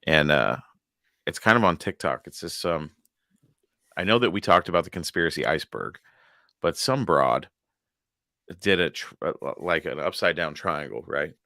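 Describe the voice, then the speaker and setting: A man's voice: rumbling low, normal speed, creaky, pauses often, dry recording, clean studio sound. A man co-hosting a casual podcast chat, swearing freely and laughing often as he rants. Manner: profane, laughs a lot, animated. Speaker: podcast co-host.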